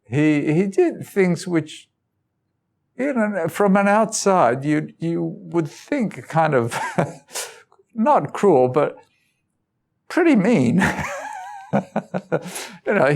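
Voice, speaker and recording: A man's voice: on the high side, very animated, extremely slow, vocal fry, long pauses, darkish tone. A man giving an informal talk, telling personal stories in loose, conversational phrasing and chuckling often. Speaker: guest speaker.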